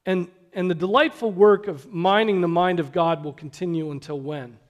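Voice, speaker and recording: Male preacher with a high voice, earnest sermon delivery, rhetorical questions, hushed emphasis. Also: fairly even intonation, moderate pace, highs cut off. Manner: drops to a hush for emphasis.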